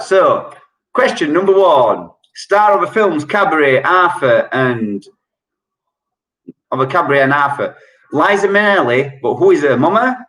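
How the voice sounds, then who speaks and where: Man hosting a quiz, unhurried and jokey, echoey room at home. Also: a little high, fairly bright tone. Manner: chatty, joking, reads questions slowly and repeats them. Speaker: quiz host. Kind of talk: online pub quiz hosting.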